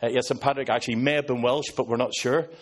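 A man's voice: medium pitch, fairly even intonation, quick pace, slightly rough. A man in his fifties from Northern Ireland with a Northern Irish accent, a pastor preaching to a live audience and cracking sarcastic jokes. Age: 50s. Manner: joking, sarcastic asides to an audience. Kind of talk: sermon.

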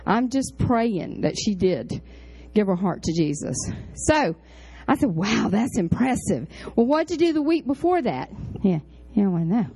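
A woman pastor tells a chatty story in a sermon, animated and full of high exclamations and low asides. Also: measured pace, a little hiss or hum, rough recording.

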